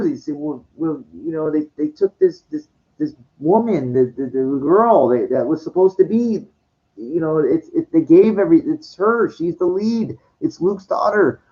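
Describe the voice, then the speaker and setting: A man hosting his own channel, ranting in a passionate, halting way and repeating himself often. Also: on the high side, animated, dull audio. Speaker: host. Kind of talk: rambling movie rant.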